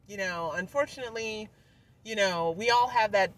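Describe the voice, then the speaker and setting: A woman's voice: medium pitch, far from the mic. A woman talking candidly in a personal vlog, rambling and emotional, with frequent sighs and fillers. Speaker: vlogger.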